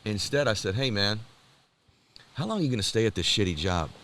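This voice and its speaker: A man telling a personal story in an animated, excited way, laughing and calling the listener brother and dude. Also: lowish voice, fairly quick, noisy background.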